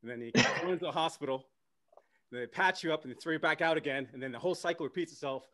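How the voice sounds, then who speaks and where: A Canadian man performing a stand-up comedy set, animated and slipping into character voices. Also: fairly high pitch, fast talker. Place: comedy club stage with audience.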